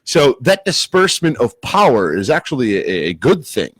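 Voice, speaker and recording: A man co-hosting a casual podcast chat, rambling a bit and laughing loudly. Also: mid-range voice, very animated, normal speed, breathy edge, no echo. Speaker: podcast co-host.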